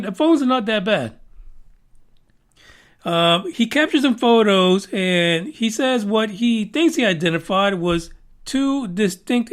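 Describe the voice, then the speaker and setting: A man's voice: sits high, fairly bright tone. A middle-aged man hosting a podcast, talking casually in a rambling, jokey way, with a lot of swearing. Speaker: podcast host.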